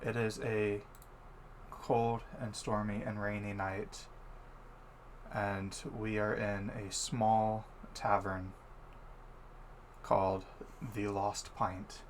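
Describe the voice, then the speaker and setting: A man hosting and narrating a tabletop game as game master, playful and relaxed. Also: on the low side, drawn-out words, long pauses, a little hiss or hum.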